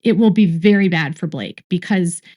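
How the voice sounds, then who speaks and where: A woman in a played clip, giving gossip commentary and repeating words slowly for emphasis. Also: on the low side, darkish tone. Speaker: online commentator.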